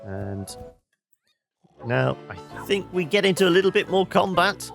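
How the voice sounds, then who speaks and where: Guy talking thru a game playthrough, bright forceful voice, a bit high, game music faint behind. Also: sing-song, a little slow, vocal fry. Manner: rambling, self-correcting, wry. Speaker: gameplay video host. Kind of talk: let's play commentary.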